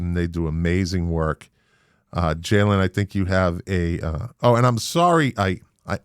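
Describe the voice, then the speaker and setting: A man with a Boston accent hosting a podcast interview, animated and emphatic, with casual swearing. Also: low voice, no echo, studio quality. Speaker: podcast host.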